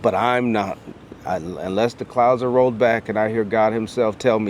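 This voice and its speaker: A man's voice: on the low side, steady tone, normal speed, a little hiss or hum. A middle-aged man, an educator, telling a personal story to camera in an earnest voice that builds through strings of repeated phrases like a preacher. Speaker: educator and speaker.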